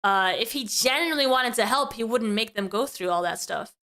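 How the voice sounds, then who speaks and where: A woman with a high, bright voice talks through her views in casual commentary. She keeps a chatty flow and checks in with her listeners by tagging questions onto her points. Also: lively intonation, a little fast. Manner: talkative, tag questions like "right?". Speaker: streamer reacting to clips.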